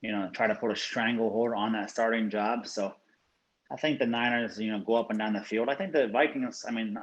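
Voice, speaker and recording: A man from South Florida, a professional sports bettor, giving his picks as a podcast guest in a steady, measured way with frequent "you know" and "um". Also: lowish voice, low-quality recording. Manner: steady, measured, uses 'you know' and 'um' often. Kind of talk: casual podcast interview.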